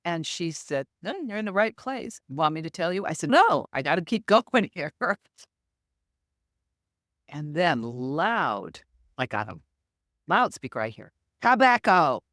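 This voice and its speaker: Speaking at a measured pace in a deep voice, a middle-aged medium shares anecdotes as a podcast guest. She animatedly acts out the quoted dialogue, and the clean studio sound has no room sound.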